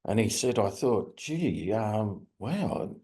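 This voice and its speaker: A man with an Australian accent presenting a webinar, telling anecdotes and acting out quoted people in a higher voice. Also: very animated, takes it slowly, warm tone, slightly rough. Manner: anecdotal, acts out quoted voices in a raised pitch. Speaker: webinar presenter on restorative practice. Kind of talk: storytelling presentation.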